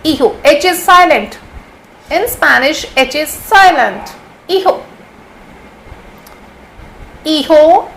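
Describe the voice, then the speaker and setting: Woman, Hindi speaker, patient vocabulary teacher, high-pitched, unhurried drill style. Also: lively intonation, fairly bright tone, slight background noise, low-quality recording. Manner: patient, repeats each word slowly several times. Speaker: language teacher. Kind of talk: vocabulary lesson.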